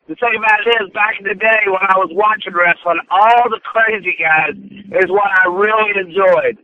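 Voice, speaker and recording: A man in his forties, a wrestler guest calling in by phone, talking in a loud, blustering promo style. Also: sits high, steady tone, moderate pace, no echo. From US Midwest. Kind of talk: phone-in interview. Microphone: telephone. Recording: tinny phone line.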